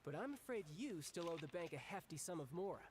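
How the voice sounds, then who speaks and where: A man voicing a charming, smug young male banker-warrior in a video game, smooth and teasing. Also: on the high side, sing-song, quick pace, slight background noise. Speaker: game character.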